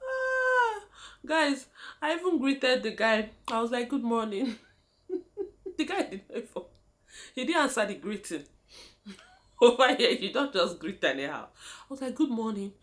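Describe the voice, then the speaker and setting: Young woman, Nigerian accent, casual vlog storytelling, animated sing-song delivery, frequent laughter. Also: on the high side, unhurried, pauses often. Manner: animated, laughing often, addresses viewers as guys. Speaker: vlogger.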